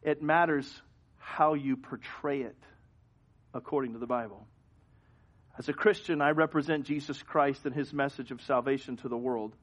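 Male pastor, sermon, lighter high voice, animated storytelling, hushed to loud. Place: church sanctuary.

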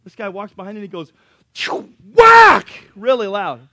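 A high-pitched male pastor preaching a sermon, dropping to soft storytelling with jokes and then climbing to loud, driving exhortation. The sound is dry and close, with no room around it. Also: fast talker, dry recording. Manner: folksy, joking asides.

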